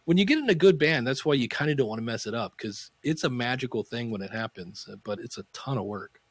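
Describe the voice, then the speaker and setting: Animated storytelling man in his fifties. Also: medium pitch, quick pace, dry recording, studio quality. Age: 50s. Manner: animated storyteller acting out quoted voices. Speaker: podcast guest. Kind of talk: casual interview storytelling.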